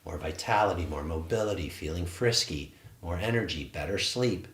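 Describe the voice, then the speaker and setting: Soft-spoken man guiding qigong. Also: low-pitched, normal speed, reverberant. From England. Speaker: qigong instructor. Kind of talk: guided qigong meditation.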